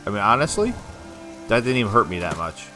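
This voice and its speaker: A man with a somewhat low voice rambles through casual let's-play commentary, talking to himself and laughing often. Faint game music plays underneath. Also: big pitch swings, brisk, bright, forceful tone. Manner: chatty, rambling self-talk with frequent laughs. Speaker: gameplay commentator.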